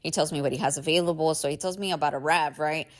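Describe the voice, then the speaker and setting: Low-voiced woman telling a casual story. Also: steady tone, fast. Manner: candid, swears freely, chuckles often. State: tired. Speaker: podcast host.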